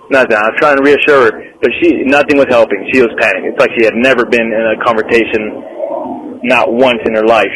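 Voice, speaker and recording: A man's voice: mid-range voice, fairly bright tone, slight background noise, low-quality recording. Matter-of-fact man telling a story. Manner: earnest, matter-of-fact recounting. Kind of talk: casual storytelling.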